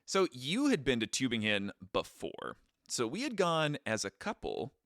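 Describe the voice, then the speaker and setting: Podcast co-host: a man, jokey and self-mocking, very lively pitch and a bright tone, dry close sound. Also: normal speed, no room sound. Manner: joking, animated, self-deprecating. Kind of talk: casual chat.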